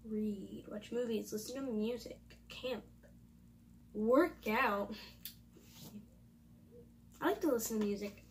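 A woman's voice: on the high side, distant mic, a little hiss or hum, rough recording. Chatty young woman doing a quiz. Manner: chatty, thinking aloud, reading quiz options. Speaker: YouTuber. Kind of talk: casual quiz vlog.

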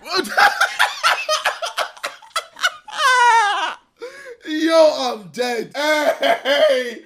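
A young British man reacting to a clip with loud, incredulous exclamations and bursts of laughter. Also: very high-pitched, very animated, slow pace, vocal fry, background noise. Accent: British English. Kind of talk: casual reaction commentary.

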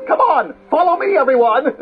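A man's voice: very high voice, big pitch swings, moderate pace. An actor playing the Mad Hatter, a giggly, fussy, scatterbrained man who leads children in a game. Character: giggly eccentric male Mad Hatter hosting games. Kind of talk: theme-park character show with children. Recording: tinny lo-fi recording with faint music.

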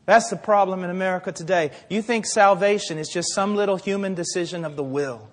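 High-voiced man preaching in a reverberant hall. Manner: impassioned, rhetorical questions, dramatic pauses. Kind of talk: sermon.

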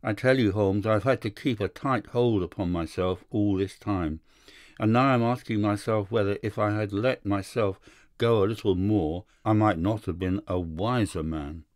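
A man narrating a classic story in a measured storytelling manner. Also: on the low side, no echo, studio quality. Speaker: audiobook narrator. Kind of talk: scripted narration.

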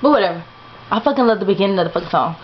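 A woman's voice: medium pitch, expressive, racing, highs cut off, slight background noise. A young woman rambling in a late-night home vlog, tired, slangy and swearing freely, playing up a put-on accent. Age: young adult. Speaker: vlogger.

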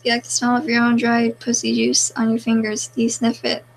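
A woman's voice: a little high, completely flat delivery, brisk, gravelly. A woman live streaming in casual chat, reading out viewer comments and answering them in an offhand, mumbling way, with a crackly voice.

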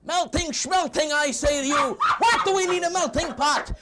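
A man playing a loud, insulting conservative debater in a TV comedy sketch, shouting and mocking with rhymes. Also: very high voice, normal speed, very noisy. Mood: ranting. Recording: studio audience laughing loudly.

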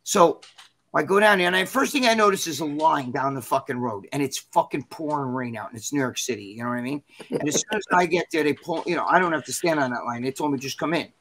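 A man guest in an interview, telling a story in a rambling, animated, profane way. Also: a little high, fast talker, a little hiss or hum. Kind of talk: casual storytelling.

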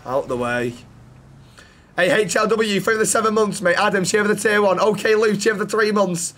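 A man's voice: high voice, normal speed, fairly bright tone. A man streaming a roleplay game, chatting casually with lots of swearing and teasing banter.

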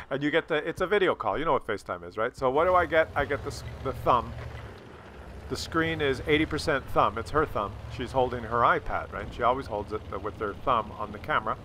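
A man's voice: mid-range voice, brisk, slight background noise. A man casually telling a funny family story while playing a game, acting out the people in it. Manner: animated, acts out the people in his story. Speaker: gaming video creator. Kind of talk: casual storytelling over gameplay.

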